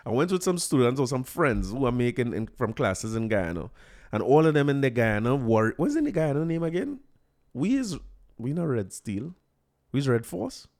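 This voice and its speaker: A man's voice: mid-range voice, sing-song, moderate pace, a little mellow. A man in his forties with a Trinidadian accent, hosting a podcast and telling sports stories in a chatty, laughing way. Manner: chatty, anecdotal, laughs often, dialect turns of phrase. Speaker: podcast host. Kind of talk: casual solo podcast talk.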